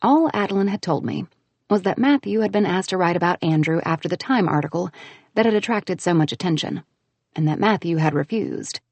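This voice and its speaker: Expressive woman reading an audiobook. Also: on the low side, a little fast, dry recording. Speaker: audiobook narrator. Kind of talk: scripted narration.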